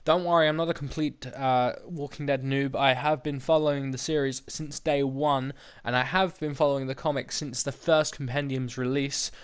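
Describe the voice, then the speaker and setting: Rambling young gamer. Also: male voice, mid-range voice, steady tone, moderate pace, few pauses, smooth. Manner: rambling, many "um"s, explains game mechanics. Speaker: gaming YouTuber. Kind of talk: casual let's play commentary.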